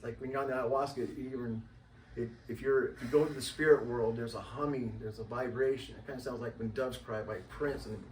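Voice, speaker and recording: A man talking casually as an interview guest, rambling and animated and acting out the voices of people he quotes. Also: mid-range voice, fast, a little hiss or hum. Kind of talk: casual conversation. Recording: roomy, distant mic, faint ambience.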